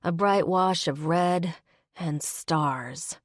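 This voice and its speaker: A woman narrating a first-person audiobook with expressive, dramatic inner monologue, on a close studio mic. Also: on the low side, extremely slow, dry recording.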